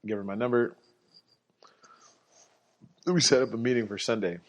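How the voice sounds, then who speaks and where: A man's voice: mid-range voice, fairly even intonation, moderate pace. A man hosting a podcast, telling a casual, rambling story and correcting himself as he goes. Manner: rambling, self-correcting, quotes others in his own voice. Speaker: podcast host. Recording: dull lo-fi recording.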